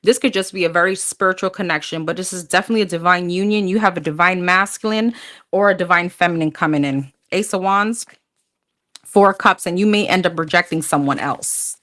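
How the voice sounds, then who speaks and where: A woman's voice: lowish voice, a little fast, fairly bright tone. A woman doing a live tarot reading, talking bluntly and casually, swearing freely and calling her viewers honey. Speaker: tarot reader.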